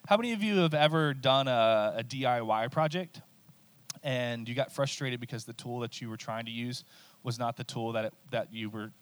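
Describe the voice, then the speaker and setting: A middle-aged male preacher teaches in a relaxed, chatty way and keeps asking his listeners to follow along. His voice sits at an ordinary pitch, and the sound is close and dry. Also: clean tone, no echo. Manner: conversational, checks in with listeners. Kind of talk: sermon teaching.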